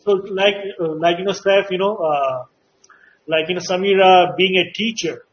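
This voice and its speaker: A man's voice: high voice, moderate pace. A man hosting an interview, asking questions in a rambling way full of fillers. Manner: rambling, many "like" and "you know". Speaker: talk show host. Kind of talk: casual interview chat. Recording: dull lo-fi audio.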